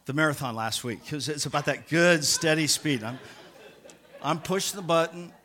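A man's voice: on the high side, normal speed. A man, a pastor, telling a funny anecdote during a sermon and laughing at himself as he goes. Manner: animated, self-mocking storyteller who laughs at himself.

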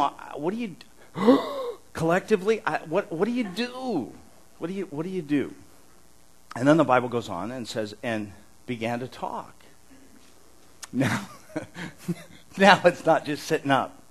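A middle-aged man preaching a conversational sermon as pastor, animated, often restarting his words and chuckling as he talks. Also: mid-range voice, low-quality recording.

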